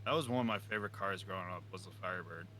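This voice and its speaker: A man's voice: sits low, rapid-fire, bright, forceful tone, slight background noise. A man in a casual podcast chat who laughs often and swears. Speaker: podcast co-host.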